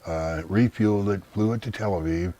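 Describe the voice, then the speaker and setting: A man's voice: fairly low pitch, normal speed, warm tone. A man being interviewed in casual conversation, blunt and dismissive, giving long rambling explanations. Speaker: interview guest.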